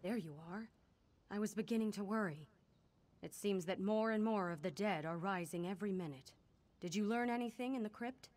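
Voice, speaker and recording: Fantasy game knight lady, brisk and purposeful, woman acting it out. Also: medium pitch, darkish tone, close to an everyday voice.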